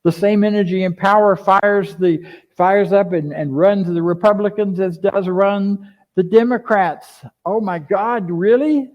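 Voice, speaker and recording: An older man preaching a conversational sermon as a minister, lively and full of rhetorical questions to his congregation. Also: sits high, unhurried. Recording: dull lo-fi sound.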